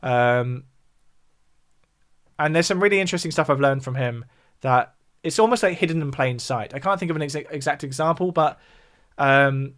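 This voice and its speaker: A man's voice: on the high side, moderate pace, a bit bright. Chatty southern English man. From south of England. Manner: explanatory, reacts to viewer chat between points. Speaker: music YouTuber hosting a livestream. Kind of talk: casual livestream chat.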